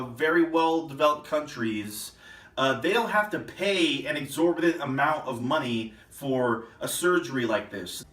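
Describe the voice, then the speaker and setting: A man's voice: fairly high pitch, fairly bright tone, reverberant, distant mic. A man ranting indignantly in a political vlog, sarcastic and getting worked up. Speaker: political vlogger. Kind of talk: ranting commentary.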